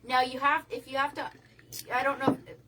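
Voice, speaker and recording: Bright-voiced rambling woman telling a story. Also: high voice, flat delivery, brisk, recorded from a distance, rough recording. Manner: rambling, restarts a lot, swears casually. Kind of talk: casual livestream storytelling.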